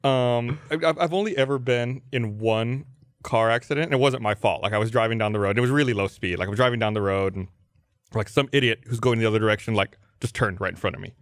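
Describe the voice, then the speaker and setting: Fast-talking man hosting a podcast. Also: medium pitch, no room sound, clean studio sound. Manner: animated storyteller, acts out his own outbursts. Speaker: podcast host. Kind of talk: casual podcast chat. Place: podcast studio.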